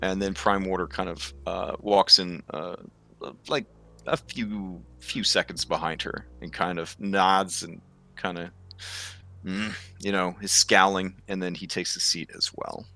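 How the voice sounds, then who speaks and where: Slow-talking man running a tabletop game. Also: sits low, steady tone, creaky, bright, forceful tone. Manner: rambling, filler-heavy narration. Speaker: game master.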